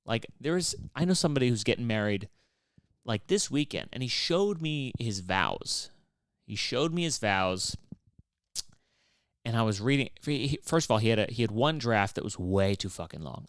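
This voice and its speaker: This podcast host has a mid-range, slightly bright voice, clear and resonant, with lively intonation at a normal pace, captured dry in studio quality. He rambles in a loose, profane monologue, wry and exasperated, full of fillers and restarts.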